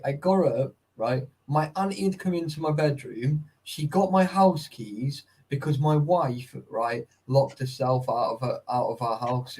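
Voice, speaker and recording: A man in casual chat with friends, telling animated, sweary stories. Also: medium pitch, poor audio.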